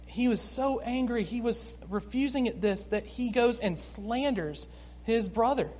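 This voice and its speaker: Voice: mid-range voice, a little slow, a little mellow. A preacher giving a sermon, explaining a scripture passage in a conversational, emphatic manner.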